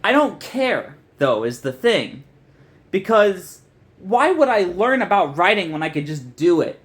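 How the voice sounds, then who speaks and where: A young adult video essayist rants in frustration, swearing a lot, rambling and restarting often. The voice sits at middle pitch, sing-song and a little slow.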